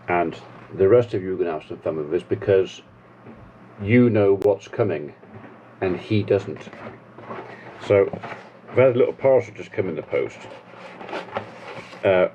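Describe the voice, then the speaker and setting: Teasing farmer in a car. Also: male voice, low voice, measured pace, long pauses, mellow. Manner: teasing, jokey. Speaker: farmer vlogger. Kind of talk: casual chat. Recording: dull lo-fi sound with faint noise.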